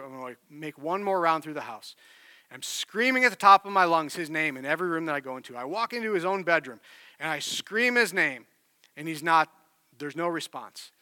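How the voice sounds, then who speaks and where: Bright-voiced pastor telling a story. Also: male voice, fairly high pitch, dry recording. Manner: animated storyteller, earnest and conversational. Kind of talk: sermon with personal story.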